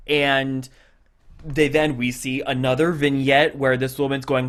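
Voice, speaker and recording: A podcast co-host with a mid-range, fairly bright voice speaks flatly at a measured pace, the sound clean. On a casual podcast, he retells a TV episode scene by scene, acting out the characters' lines and often restarting.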